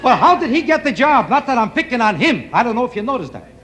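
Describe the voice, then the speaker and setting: A man's voice: very high voice, big pitch swings, quick pace, a crowd in the background. A man doing a rambling stand-up comedy routine on a TV stage, teasing the audience between jokes. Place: television studio stage before an audience. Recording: loud studio audience laughter and noise.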